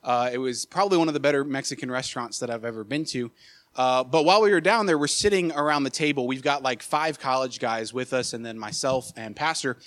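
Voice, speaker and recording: A young man preaching, telling a personal story in an animated way, with many filler uhs and repeated words. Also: mid-range voice, a little fast. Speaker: associate pastor. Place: church sanctuary.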